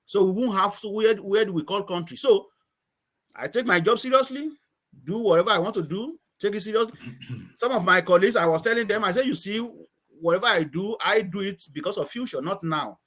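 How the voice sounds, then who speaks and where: A man's voice: high-pitched, brisk, a bit bright. A man with an Antiguan accent, a guest in a casual chat, telling stories with repeated words and frequent laughter over a video call.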